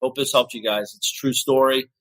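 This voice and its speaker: A man's voice: medium pitch, fairly even intonation, fairly quick, fairly bright tone, no echo, poor audio. A man hosting a podcast, giving an earnest, emphatic motivational talk and getting emotional as he speaks. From Ohio, USA. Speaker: podcast host.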